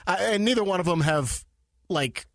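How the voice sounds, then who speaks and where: A man's voice: sits high, animated, moderate pace, no echo. A man co-hosting sports radio in a studio, mocking and sarcastic in casual banter.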